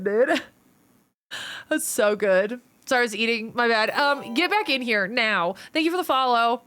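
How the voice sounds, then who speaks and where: A playful woman streamer with a slightly high voice, joking with her chat in a loose, teasing way. She talks casually throughout, bantering while she plays. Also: lively intonation, moderate pace, a bit bright. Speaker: livestreamer.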